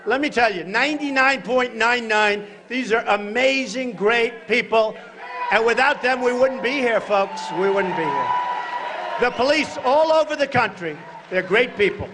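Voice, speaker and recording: A man giving a campaign rally speech in a large hall, emphatic and repetitive, often shouting short phrases to the crowd. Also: very high-pitched. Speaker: political candidate at a rally. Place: large hotel event hall, live rally. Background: crowd of supporters.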